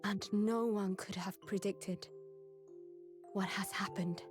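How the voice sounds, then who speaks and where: Woman doing a game heroine, earnest, polite, measured, mid-pitched voice, music underneath. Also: steady tone, natural voice. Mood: wistful. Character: young Japanese woman, earnest, formal and gentle. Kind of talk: game voice acting.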